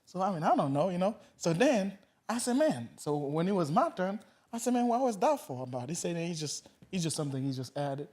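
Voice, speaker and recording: A man hosting a podcast, telling stories in a casual, animated way and swearing freely. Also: high-pitched, a little fast, hardly any pauses. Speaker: podcast host.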